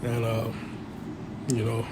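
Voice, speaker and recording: Male religious commentator, mid-pitch, rambling and filler-heavy; constant hum behind. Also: completely flat delivery, slow.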